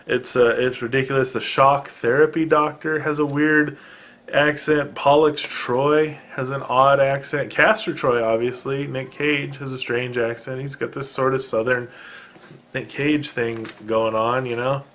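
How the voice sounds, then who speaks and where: A man talks through his podcast alone at home, wandering from point to point with wry, self-deprecating asides. He stops and restarts often and fills the gaps with ums and uhs. His voice sits at an ordinary middle pitch. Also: steady tone, unhurried, a bit bright, a little hiss or hum. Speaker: podcast host. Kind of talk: casual solo podcast rambling. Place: home room with dogs present.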